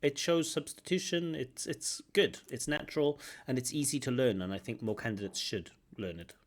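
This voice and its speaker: A man giving feedback as a language-test examiner, explaining points in an animated way and humming out intonation patterns. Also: mid-range voice, moderate pace. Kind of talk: commentary on a recorded test.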